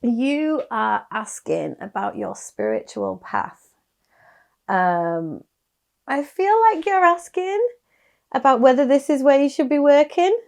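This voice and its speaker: Chatty woman tarot reader, soft-spoken, a little gravelly, casual to camera. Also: high voice, sing-song, slow.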